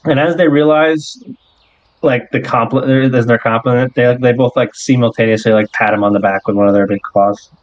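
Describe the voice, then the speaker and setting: A man's voice: medium pitch, fairly even intonation, fairly quick, no echo, highs cut off. A man narrating a tabletop game as game master, loose and hesitant with many fillers.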